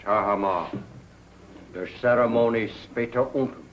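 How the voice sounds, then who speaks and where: A man's voice: lowish voice, normal speed, a little hiss or hum, lightly acted, low-quality recording. An actor playing a nervous male henchman in a 1940s film, speaking urgently.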